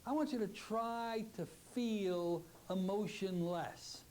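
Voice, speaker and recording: A man teaching a hypnotherapy technique, giving slow, drawn-out suggestions and acting out the client's replies. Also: sits high, darkish tone, a little hiss or hum. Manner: acts out client and part voices in quick exchanges. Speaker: hypnotherapy instructor. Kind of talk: teaching lecture with demonstrations.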